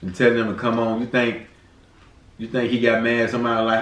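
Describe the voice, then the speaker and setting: A man with a Southern US accent, chatting casually and playfully on a couple's eating show, telling stories with loud bursts. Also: mid-range voice, a little fast, far from the mic. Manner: animated storyteller, playful, rising to loud bursts. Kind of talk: casual chat while eating. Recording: roomy sound from a mic set back, faint noise.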